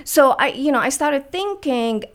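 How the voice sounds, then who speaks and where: A Middle Eastern woman who founded a beauty brand speaks earnestly as a guest in a radio interview. Her voice is high-pitched and animated at a measured pace, with many fillers and restarts.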